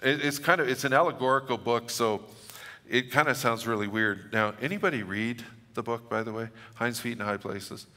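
Pastor guy telling a funny story in a sermon, bright voice, big echoey church. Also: medium pitch, normal speed. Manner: storytelling with humor and dramatic reading of scripture.

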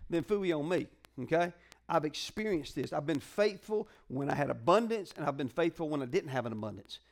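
High-voiced man preaching conversationally. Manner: conversational, call-and-response preaching with colloquial asides. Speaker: pastor. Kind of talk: sermon.

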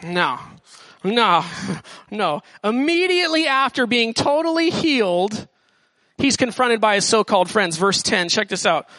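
A man's voice: very high-pitched, moderate pace, bright, forceful tone, dry recording. A man preaching as a student pastor in a casual, slangy style, often acting out what people in the story say. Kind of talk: sermon.

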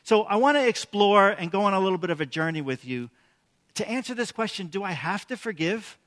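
Bright-voiced pastor in a reverberant hall. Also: male voice, high voice, fairly quick. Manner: conversational, animated, asks the congregation questions. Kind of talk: sermon.

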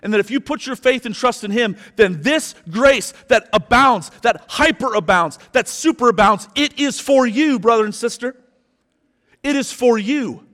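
Pastor type, male, high voice, emphatic sermon delivery, big church reverb. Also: animated, a bit bright. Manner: emphatic preaching, slows down for stress. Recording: long hall reverb.

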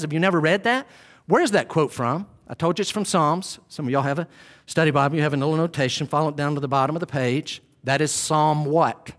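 A man preaching a sermon, swinging from loud emphasis to hushed drops. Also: high-pitched. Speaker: pastor.

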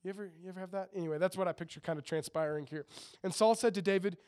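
A man preaching in a relaxed, chatty way, reading scripture aloud and breaking off for joking asides to his listeners. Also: sits high, racing. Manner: chatty, jokey asides to the audience. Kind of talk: casual sermon with scripture reading.

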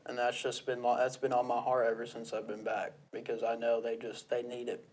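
A man's voice: mid-range voice, monotone, brisk, darkish tone, husky. A man, a guest, telling stories from a mission trip in a casual, plainspoken way, laughing often. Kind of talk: casual conversation.

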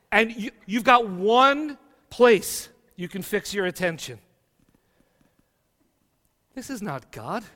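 Slow, high-voiced preacher in a reverberant church. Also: male voice. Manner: dramatic scripture reading, swinging from loud to hushed. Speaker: guest preacher. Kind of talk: sermon. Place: church sanctuary.

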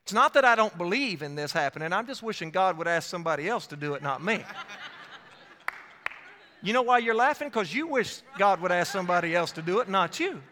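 A man preaching an evangelist's sermon with dynamic swings in loudness, often quoting himself as he tells a story. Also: high voice, expressive, a little fast. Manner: dynamic preaching with sharp swings in loudness and frequent self-quotation. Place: church sanctuary. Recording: long reverb of a church hall.

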